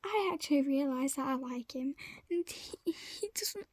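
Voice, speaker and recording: A woman's voice: high-pitched, expressive, moderate pace, a little mellow, no room sound. Woman doing a tearful teen girl. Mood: sad. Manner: sobbing, faltering. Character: heartbroken teenage girl, tearful.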